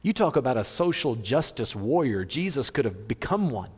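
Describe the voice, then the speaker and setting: A man preaching a sermon in a large hall, animated and humorous with a theatrical flair. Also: medium pitch, moderate pace, husky. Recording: long hall reverb.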